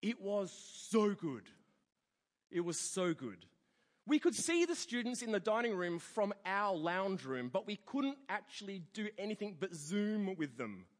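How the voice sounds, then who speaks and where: In a church hall with long reverb, a pastor with a high-sitting voice preaches a sermon at a slightly slow pace. He tells a story and acts out its characters in animated quoted voices.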